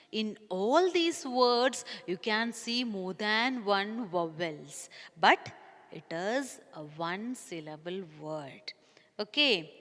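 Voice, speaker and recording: A woman teacher with an Indian English accent, giving a slow, sing-song lesson to young children. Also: mid-range voice, pushed and bright, long reverb tail. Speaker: primary school teacher. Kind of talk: recorded online class lesson.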